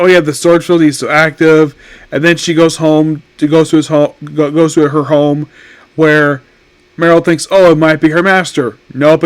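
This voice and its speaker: In a dry recording, a man with a voice on the high side casually reviews an anime episode. He's animated and rambling, often correcting himself mid-sentence.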